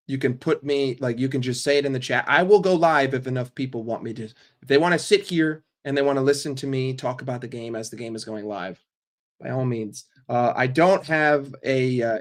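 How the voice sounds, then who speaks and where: A man from New York ranting casually and profanely on a live stream, rambling between jokes and opinions. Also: mid-range voice. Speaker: football fan streamer.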